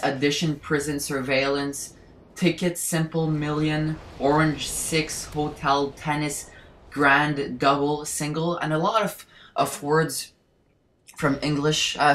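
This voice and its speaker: A woman's voice: low voice, a bit bright. A young woman from Quebec whose first language is French, speaking English with a Quebec French accent in loose, rambling gameplay commentary full of "like". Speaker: gaming channel host. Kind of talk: casual commentary over gameplay.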